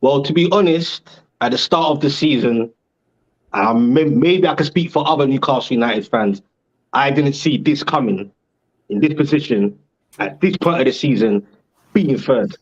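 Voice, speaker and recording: A man's voice: mid-range voice, expressive, normal speed, muffled recording. A man speaking frankly and casually about his football club as a fan on a panel.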